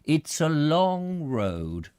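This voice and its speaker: A man voicing a pompous, self-satisfied male spirit medium who hesitates and stammers, then speaks slowly and grandly. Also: a little high, sing-song, a little mellow, smooth, no echo, clean studio sound, voice pushed up, full character voice. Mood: weary.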